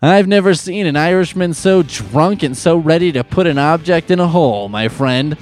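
A man's voice: fairly high pitch, lively intonation, moderate pace, a little mellow, pitched above the performer's own voice, close to an everyday voice. A man putting on the voice of a brash, boozy male sports announcer with blustery, over-the-top broadcast patter. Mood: hyped.

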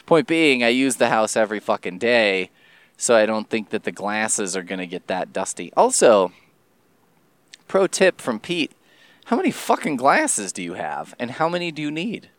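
A man rambling casually in a solo podcast monologue, swearing and jumping his pitch for emphasis. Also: sing-song, normal speed, dry recording.

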